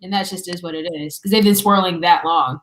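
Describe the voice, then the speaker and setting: A woman's voice: fairly low pitch, fairly even intonation, fairly quick, a bit bright. Woman chatting frank and loose on a group call, swears a lot. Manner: frank, casual, swears freely. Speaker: panelist. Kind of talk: casual group discussion.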